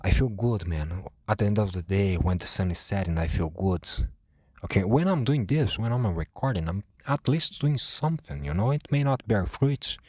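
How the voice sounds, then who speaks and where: A man's voice: fairly low pitch, animated, normal speed, darkish tone, no echo. A man hosting a casual solo podcast from home, rambling in a profane, self-deprecating way. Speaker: podcast host. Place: home, at his computer.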